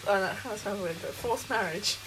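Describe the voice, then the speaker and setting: A woman's voice: medium pitch, fairly quick. A young woman co-hosting a casual chat, teasing and chiming in while cooking in a kitchen. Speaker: podcast co-host. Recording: kitchen noise, frying sizzle.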